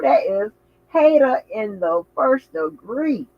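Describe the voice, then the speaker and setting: A man hosting a casual livestream, talking in an animated, outspoken way with frequent swearing and exclamations. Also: high-pitched, a little slow, vocal fry, muffled recording. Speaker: channel host.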